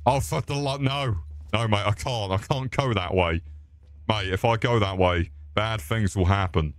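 A British man streaming a horror game, swearing and yelling at his chat in exclamatory bursts. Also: fairly low pitch, normal speed, no room sound. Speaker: gaming streamer. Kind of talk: live gameplay commentary.

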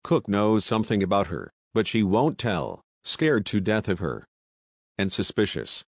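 A man's voice: on the low side, very animated, measured pace, husky, dry recording, exaggerated voice. A man reading the lines of a young housemaid in a storybook, blunt and complaining as she gossips.

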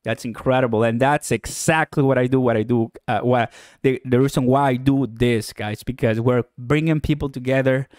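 A man's voice: medium pitch, fairly even intonation, normal speed, darkish tone, dry recording, studio quality. A young man from Puerto Rico with a Puerto Rican Spanish accent, hosting a casual livestream and upbeat as he reads out viewer comments. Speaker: livestream host.

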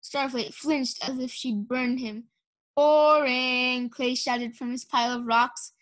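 A woman reads a children's fantasy novel aloud in a casual, homemade style. Her voice sits high, and she stumbles now and then and restarts a word. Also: level tone, unhurried. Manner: reads aloud with small slips. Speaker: audiobook reader. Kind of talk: casual audiobook reading.

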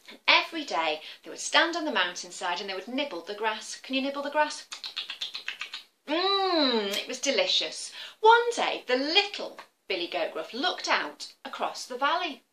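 Bright animated woman telling kids' stories. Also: fairly high pitch, normal speed, a little hiss or hum, rough recording. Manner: animated and encouraging. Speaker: children's storyteller. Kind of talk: interactive storytelling for children.

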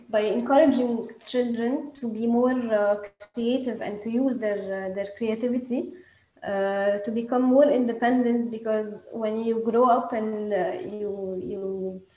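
A woman pitching her startup, her talk full of hesitations, fillers and restarts. Her voice sits a bit high and mellow. The sound is roomy and echoing. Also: steady tone, measured pace, slight background noise. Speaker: startup presenter. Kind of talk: pitch presentation.

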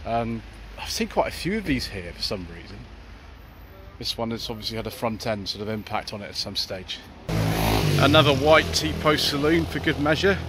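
A man's voice: mid-range voice, a bit bright. A British man hosting a car channel, chatting enthusiastically to viewers as he walks along the street spotting cars. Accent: British English. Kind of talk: walking car-spotting vlog. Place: outdoors on town streets. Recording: outdoor street noise.

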